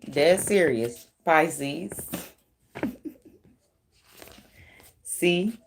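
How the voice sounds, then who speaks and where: Woman tarot reader: deep voice, relaxed pace, blunt, profane, quick to laugh. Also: a little hiss or hum. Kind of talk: casual tarot reading.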